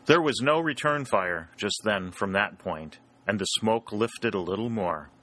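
A male narrator reads a war adventure aloud in a steady, dramatic way. His voice sits fairly low. The tone is bright and pressed, with a forceful edge. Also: measured pace. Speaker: audiobook narrator. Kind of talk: scripted narration.

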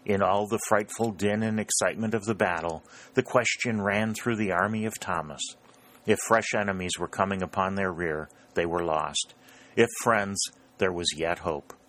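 A man reading a novel aloud as an audiobook narrator, with a steady, measured storytelling delivery. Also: sits low. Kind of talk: scripted narration of a historical war novel.

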